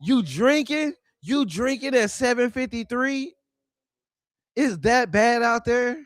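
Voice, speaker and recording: A male livestream host with a notably high voice, recorded dry and close on a streaming mic. He talks over his callers in a confrontational way, piling on the mockery and the trash talk. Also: lively intonation, slow pace, dry recording. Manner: confrontational trash-talking, mocking.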